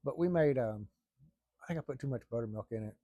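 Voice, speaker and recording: A man's voice: medium pitch, quick pace, mellow, no room sound. A middle-aged man telling a long family story in a rambling, folksy way, with casual swearing. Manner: rambling, folksy, salty language.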